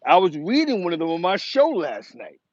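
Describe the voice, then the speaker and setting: A man's voice: high voice, wildly swooping pitch, brisk, no room sound, muffled recording. A man from the Bronx, hosting his show and giving a rambling, emphatic commentary with many restarts. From the Bronx, New York. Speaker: host. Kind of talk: casual commentary monologue.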